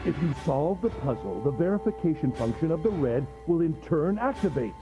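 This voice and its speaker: A sadistic gentleman captor. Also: fairly high pitch, big pitch swings, a little fast, loud music behind the voice, rough recording. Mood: taunting. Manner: polite, taunting, cackling. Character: sadistic gentlemanly male captor, cold and mocking.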